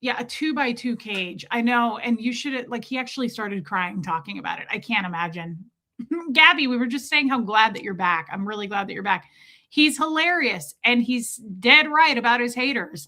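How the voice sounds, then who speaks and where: A woman's voice: a little high, lively intonation, normal speed, pushed and bright. A woman from Omaha chatting on a live stream, reacting to clips and greeting viewers by name. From Omaha, United States.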